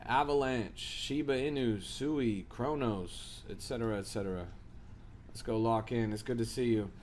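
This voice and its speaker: A man's voice: medium pitch, moderate pace, darkish tone, slight background noise. A man hosting a crypto live stream, giving hyped, slangy commentary and talking straight to his chat. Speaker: crypto livestream host.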